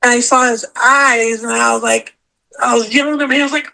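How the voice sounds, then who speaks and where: A middle-aged woman telling her own story as a podcast guest, acting out what she said in a high, animated voice. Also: quick pace, gravelly, poor audio. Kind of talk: casual storytelling interview.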